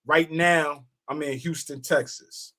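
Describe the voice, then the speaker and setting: A man's voice: on the high side, steady tone, slow, bright, forceful tone. A man from Queens, hosting a casual podcast chat, teasing his co-host and laughing often. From New York (Queens).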